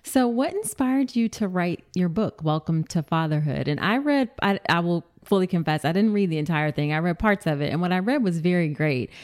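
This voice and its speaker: A woman's voice: fairly low pitch, animated, a little fast, few pauses, darkish tone. A woman hosting an interview show who asks questions and backs up her guest with enthusiastic agreement. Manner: enthusiastic, affirming. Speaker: podcast host. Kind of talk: casual interview conversation.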